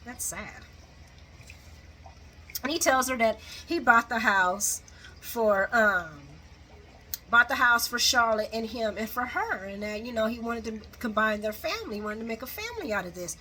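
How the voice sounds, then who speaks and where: Bright-voiced woman chatting a soap recap. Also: a little high, moderate pace, slightly rough. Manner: animated, laughs often, acts out quotes. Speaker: soap opera recap vlogger. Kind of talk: casual recap chat.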